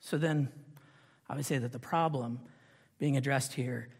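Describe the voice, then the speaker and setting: A man's voice: medium pitch, steady tone, a little slow, gravelly, darkish tone, slightly rough, in a large hall. A male pastor preaching a sermon, with rhetorical questions and rising intensity.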